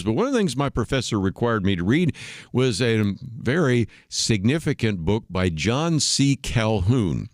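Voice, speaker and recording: Male talk radio host, low voice, dry studio sound, conversational explainer. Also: no room sound. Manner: conversational, explains history step by step. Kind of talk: solo commentary on a talk radio show.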